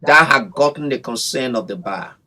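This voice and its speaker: A man's voice: mid-range voice, animated, normal speed, sharp tone. A man, a bar association representative speaking emphatically in a radio interview, often repeating his phrases. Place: radio studio.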